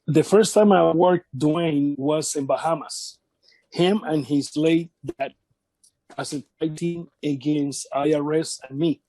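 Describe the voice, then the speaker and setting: Man, fairly high voice, dry close sound, halting storyteller, repeats himself. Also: warm tone, no echo. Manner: halting, repeats words, acts out quotes of others. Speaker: wrestling veteran interviewee. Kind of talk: casual shoot interview storytelling.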